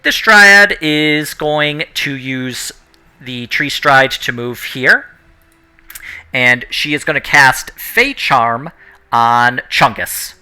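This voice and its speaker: A man with a very bright, ringing voice runs a tabletop game as dungeon master. His pitch swings widely as he explains the rules and stops to correct himself. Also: lively intonation, slow, clear, resonant tone. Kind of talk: running a tabletop game online.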